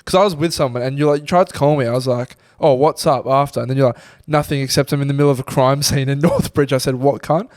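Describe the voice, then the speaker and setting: A man's voice: medium pitch, steady tone, fast, few pauses, a little mellow. A young Australian man co-hosting a podcast, recounting events with laid-back, sweary banter in casual chat. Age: young adult. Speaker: podcast co-host.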